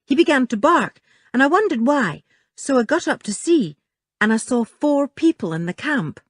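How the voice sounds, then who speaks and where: A woman doing a plucky young boy from an audiobook, his voice set well above a grown woman's and swinging lively as he talks. He tells his tale earnestly and a little breathlessly, with a husky edge to the sound. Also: high-pitched, moderate pace, no echo, voice pushed up, full character voice.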